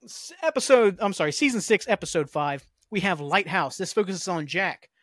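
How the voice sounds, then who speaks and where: Chatty man with a higher voice. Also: moderate pace, pushed and bright, dry recording, studio quality. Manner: loose, filler-heavy, with occasional cursing. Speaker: podcast host. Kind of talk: casual rambling episode recap.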